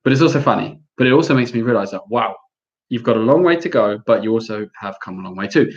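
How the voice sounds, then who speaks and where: A man with an English accent answering viewer questions in a lively, chatty live Q&A, reading each question aloud before answering. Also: fairly low pitch, fast, lo-fi sound. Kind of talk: casual live Q&A.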